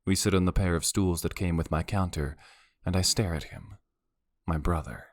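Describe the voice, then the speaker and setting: A man's voice: sits low, normal speed, no echo. A man narrating a romance audiobook in the first person, with a wry, brooding delivery.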